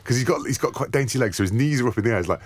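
A man with a Scouse accent, an excitable, boisterous podcast co-host telling stories and bantering. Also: medium pitch, very fast, slightly rough, dry recording, clean studio sound. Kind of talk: casual banter.

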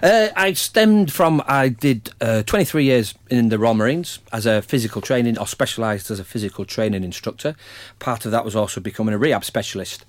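A middle-aged man with a Northern English accent, talking as a guest about rugby coaching in a measured, plain-spoken way with frequent restarts. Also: medium pitch. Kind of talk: casual podcast chat.

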